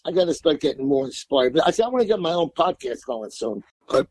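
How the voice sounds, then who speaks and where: A man's voice: fairly high pitch, sing-song, fast talker, darkish tone, no room sound, poor audio. Rambling older man. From New York. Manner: rambling storyteller, repeats words, colorful and blunt. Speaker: guest musician. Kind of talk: casual interview chat.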